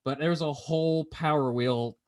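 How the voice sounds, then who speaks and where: A man hosting a podcast in casual chat, telling stories in a playful, animated way. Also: a little high, normal speed. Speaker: podcast host.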